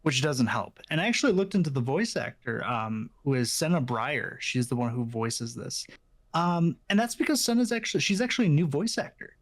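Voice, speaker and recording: A man in casual podcast chat, explaining his views in a measured way with many fillers. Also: fairly high pitch, sing-song. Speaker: podcast co-host.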